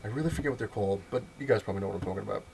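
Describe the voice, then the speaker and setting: A man's voice: lowish voice, very fast, creaky, noisy background. A man telling a casual story in a rambling way, with many restarts and frequent laughter. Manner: rambling, full of fillers and restarts.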